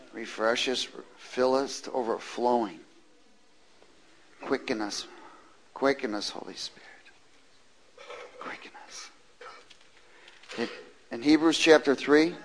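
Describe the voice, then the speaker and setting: A medium-pitched male preacher reads scripture and sermonizes with emphasis, drawing words out slowly, stressing some suddenly and loudly, and prompting congregation responses. There is slight background noise and the recording is rough.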